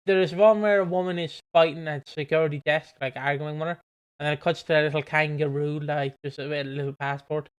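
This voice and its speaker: A man's voice: a little high, fairly even intonation, fast talker, clear, resonant tone, no room sound. A man co-hosting a casual podcast chat, rambling with fillers and easy laughs. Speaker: podcast co-host.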